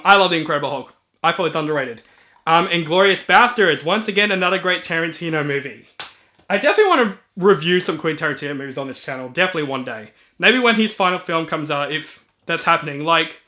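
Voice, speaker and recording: A man with a high, bright and forward voice walks through his movie shelf in a casual video. He is chatty and eager, dropping ums and quick asides between titles. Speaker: movie reviewer. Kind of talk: casual collection walkthrough.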